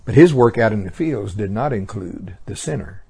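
A man's voice: fairly low pitch, expressive, moderate pace, vocal fry, dark tone, husky. A man preaching a sermon in a folksy way, often chuckling at his own stories.

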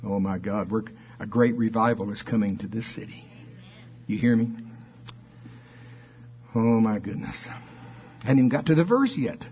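A man preaching a sermon, reading scripture slowly with dramatic stress and firing off rhetorical questions. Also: fairly low pitch, dull audio, a little hiss or hum. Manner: fervent, rising to emphatic exclamations and rhetorical questions.

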